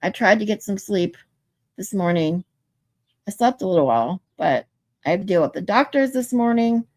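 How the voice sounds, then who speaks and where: A woman's voice: medium pitch, expressive, moderate pace, no echo. A sleep-deprived woman hosting a livestream, chatting loosely and reading viewer comments aloud. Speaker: livestream host. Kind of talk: casual chat with live viewers.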